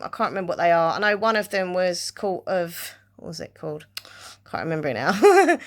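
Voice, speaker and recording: Chatty woman vlogging. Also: mid-range voice. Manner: chatty, rambling, many fillers and laughs. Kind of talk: casual chat.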